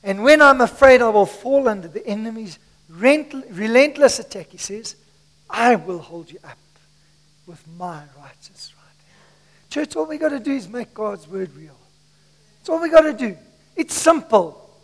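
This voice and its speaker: A male pastor preaching a sermon to his church, swinging between shouts and hushed asides, his voice strained from shouting. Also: extremely high pitch, lively intonation, moderate pace, long reverb tail. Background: congregation.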